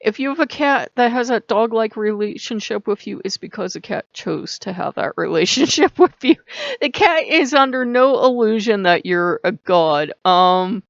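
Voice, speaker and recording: A woman's voice: mid-range voice, lively intonation, moderate pace, dry recording. A woman talking casually to camera about her faith, chatty and laughing often, acting out little dialogues. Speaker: channel host. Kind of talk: casual spiritual talk to camera. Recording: dull lo-fi sound in a dry room.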